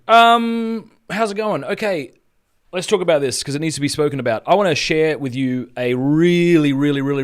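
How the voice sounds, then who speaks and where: An Australian man in his thirties talks on a live stream in a casual, earnest way, often restarting his sentences. His voice sits at a middle pitch. He speaks as a host telling a personal story. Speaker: Catholic speaker and podcast host.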